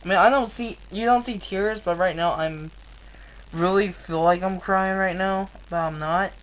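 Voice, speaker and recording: A woman reading a novel aloud on a live stream, earnest and deliberate, with blunt, profane asides between passages. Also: medium pitch, low-quality recording. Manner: slow, earnest reading with frequent swearing in asides.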